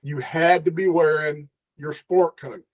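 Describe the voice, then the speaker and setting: A man's voice: on the high side, unhurried. A middle-aged man and former police officer telling stories in a casual interview, acting out the dialogue as he goes. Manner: animated storyteller, acts out the dialogue. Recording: dull lo-fi sound.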